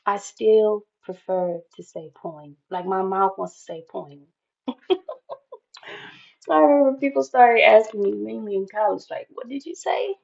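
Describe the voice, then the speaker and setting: A woman's voice: mid-range voice, measured pace, vocal fry, darkish tone, lo-fi sound. A woman giving an intuitive tarot reading, talking in an emphatic, spiritual way and often repeating phrases. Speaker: tarot reader.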